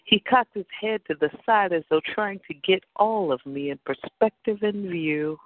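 A man narrating an erotic story in a slow, sensual reading. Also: high-pitched, no echo. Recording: dry phone-like sound.

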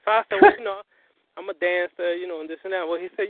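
A man, a guest on a call-in interview, telling his story in an animated, profane way and acting out what others said. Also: high-pitched, fast. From US Northeast. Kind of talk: casual phone interview. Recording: tinny phone line.

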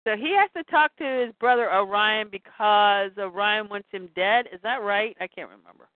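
A woman co-hosting, retelling a comic in a lively, laughing storytelling way, heard over a tinny phone-like line. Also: medium pitch, normal speed, dry recording.

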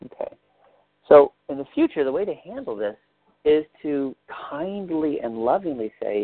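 A man leading a coaching session, asking gentle probing questions and explaining step by step. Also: a little high, sing-song, moderate pace, no room sound, narrow, tinny audio.

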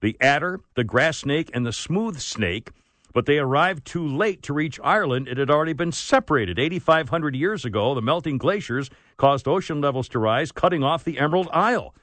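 A man's voice: fairly high pitch, lively intonation, normal speed, fairly bright tone, no echo. A man hosting a talk radio show, chatting casually and rambling with asides and restarts. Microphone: studio microphone.

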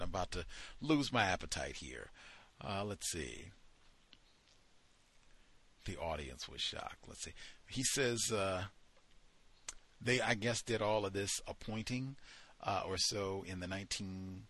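A man's voice: low voice, sing-song, a little slow, long pauses, fairly bright tone. A man hosting a study session, reading passages aloud from a book and breaking off into heated commentary, with frequent fillers while he searches the text.

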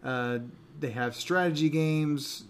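A man's voice: a little high, slow, clear, resonant tone. Rambling, laughing gaming podcast guy. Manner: rambling, laughs often, many restarts. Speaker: podcast co-host. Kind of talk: casual gaming podcast chat.

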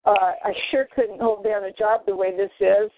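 A woman's voice: medium pitch, flat delivery, normal speed, no echo. A woman calling in to a talk show, speaking in a hesitant, apologetic, worried way. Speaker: caller. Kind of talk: phone call into a talk show. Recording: dry tinny phone line.

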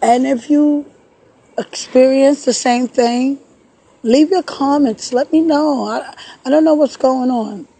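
A woman speaks into a phone camera while sitting in a park, sad and shaken, her delivery halting with repeated words. Her voice sits a little high, with a husky, mellow tone. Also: poor audio. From New York. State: tearful. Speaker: vlogger. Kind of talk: emotional personal vlog. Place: outdoors in a park.

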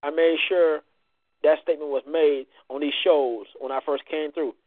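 A man hosting a casual talk show, bantering loudly and playfully, preaching at listeners with plenty of cursing. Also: a little high, steady tone, moderate pace, no room sound. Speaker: poetry show host. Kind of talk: casual radio-style chat. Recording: dry, phone-like audio.

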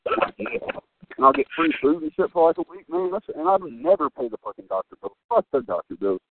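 A young man with a gravelly, creaky voice tells profane, excitable stories, his pitch leaping all over as he rambles. He comes through a dry, tinny, phone-like line. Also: a little fast, dry recording. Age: young adult. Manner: profane, excitable, filler-heavy. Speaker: wrestling guest. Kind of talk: rambling storytelling.

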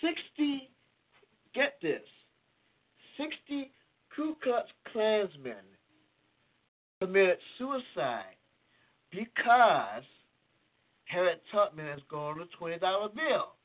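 Incredulous man, slow, lively, tinny. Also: high-pitched. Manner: incredulous storyteller, repeats himself emphatically. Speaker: podcast co-host. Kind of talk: casual political talk. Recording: tinny phone-like sound.

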